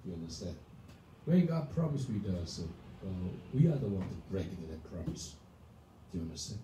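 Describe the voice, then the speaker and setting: A male pastor preaching a sermon, emphatic and animated, often asking the congregation whether they understand. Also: low voice, normal speed. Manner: animated, emphatic, calls for responses. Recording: echoey room from far off, faint noise.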